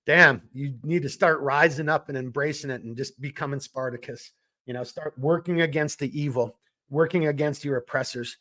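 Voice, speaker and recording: A man from Minnesota co-hosting a live podcast, talking in a blunt, worked-up way. He swears freely and rants through his points in a casual political chat, his pitch sitting in a middle range. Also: moderate pace, sharp tone. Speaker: podcast co-host; small business owner.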